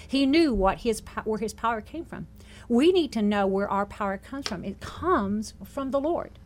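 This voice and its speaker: A woman preaching a sermon, retelling scripture with animated asides and laughs. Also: a little high, moderate pace.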